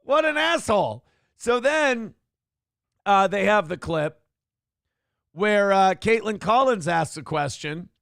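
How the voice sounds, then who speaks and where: Gravelly, high-voiced profane male host. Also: expressive, slow, pauses often, a bit bright, no room sound, clean studio sound. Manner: profane, mocking, does jokey impressions. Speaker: show host. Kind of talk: casual crude commentary on news clips.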